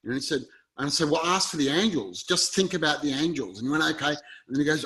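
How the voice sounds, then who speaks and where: A man's voice: a little high, animated, fast talker, pushed and bright, low-quality recording. A man telling a story as an interview guest, in an earnest, rambling way and acting out quoted dialogue.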